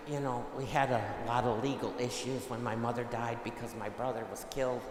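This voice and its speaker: A man's voice: medium pitch, a little hiss or hum. A man, a priest, preaching a homily and telling a family story, acting out the quoted dialogue. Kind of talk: sermon. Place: large church. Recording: echoey church hall, long reverb.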